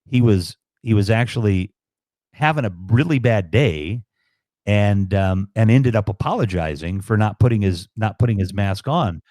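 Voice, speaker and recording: A man's voice: lowish voice, animated, normal speed, darkish tone, no room sound, clean studio sound. A man from Chicago telling rambling, profane stories in a casual live-stream chat. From Chicago, USA.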